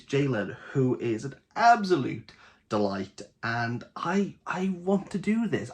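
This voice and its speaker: A young man with a Welsh Valleys accent, chatting casually and jokily to camera as host of a book channel. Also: medium pitch. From Wales. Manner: chatty, jokey, animated.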